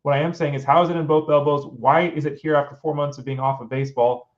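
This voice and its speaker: Middle-aged male sports show host, fairly high voice, exasperated and rhetorical, muffled lo-fi recording. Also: fairly even intonation, fast. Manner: exasperated, fires off rhetorical questions. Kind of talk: casual opinionated commentary. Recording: dull lo-fi sound.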